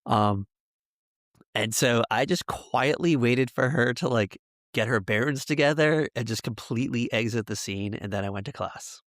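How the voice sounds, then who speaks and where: A man's voice: medium pitch, moderate pace, fairly bright tone, dry recording, studio quality. Man telling rambling stories on a podcast. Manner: rambling, many fillers and laughs. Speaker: podcast co-host. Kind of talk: casual storytelling chat.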